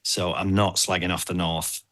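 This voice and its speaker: A man's voice: sits low, flat delivery, normal speed, fairly bright tone. A man co-hosting a podcast, chatting playfully and joking with his friends. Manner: playful, jokey, breaks into laughter. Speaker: podcast co-host. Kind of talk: casual comedic chat.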